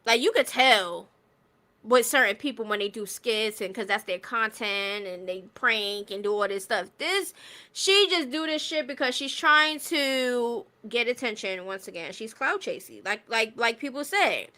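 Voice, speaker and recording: Woman, stream host, gossip commentary, blunt, exasperated, high bright voice. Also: expressive, a little slow. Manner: blunt, exasperated, talks straight to viewers.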